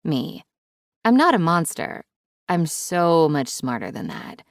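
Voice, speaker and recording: A woman's voice: low voice, sing-song, slow, creaky, no room sound, studio quality. A woman narrating a first-person romance audiobook in a wry, playful, intimate way.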